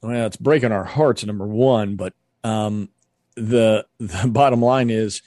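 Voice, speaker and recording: A man, a ministry leader and guest, telling stories with earnest, animated energy in an interview. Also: lowish voice, unhurried, dry recording, clean studio sound. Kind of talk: storytelling interview.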